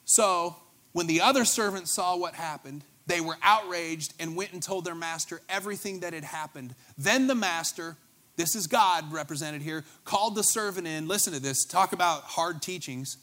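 A young man preaching a sermon in a lively, conversational way, joking and talking straight to the congregation. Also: on the high side, moderate pace. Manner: animated, conversational preaching with asides and jokes. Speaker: pastor.

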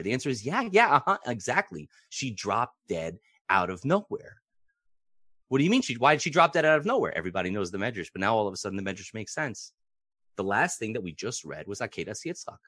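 A man's voice: medium pitch, very animated, a little fast, fairly bright tone, dry recording, clean studio sound. A man teaching a Bible class in a theatrical, questioning way, acting out the figures in the text. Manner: theatrical, questioning, acts out quotes. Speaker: Torah teacher.

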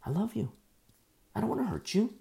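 A man delivers a sermon with a gravelly edge to his voice. He preaches bluntly and emphatically, breaking into conversational asides. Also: sits high, big pitch swings, fairly quick, dark tone. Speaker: pastor.

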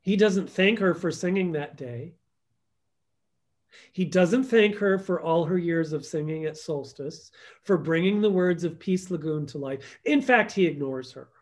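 Brief: man, interview guest, higher-pitched voice, storytelling, acts out quotes. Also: a little slow. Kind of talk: conversational podcast interview.

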